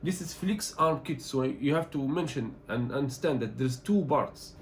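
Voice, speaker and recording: A man from Egypt, not an English speaker, talking through an unboxing as a tech reviewer, animated and complaining in loose phrasing. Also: mid-range voice, normal speed, a little hiss or hum. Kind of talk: casual unboxing vlog.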